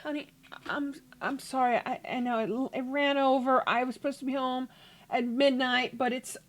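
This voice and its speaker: A woman voicing an apologetic young wife in a life-sim game, talking softly and hesitantly as she pleads. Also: high-pitched, level tone, normal speed, close to an everyday voice. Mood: pleading.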